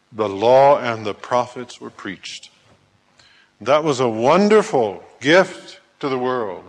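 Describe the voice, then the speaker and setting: A man preaching a sermon who acts out scripture scenes in lively voices, at times hollering. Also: lowish voice. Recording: long hall reverb.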